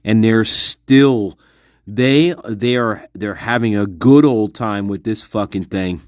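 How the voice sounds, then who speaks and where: Guy talking slow to his viewers, intense and sweary, keeps repeating himself, dry sound. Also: lowish voice, a little mellow, no echo. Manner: intense, repetitive, profane speculation. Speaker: online commentator. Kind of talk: casual monologue to viewers.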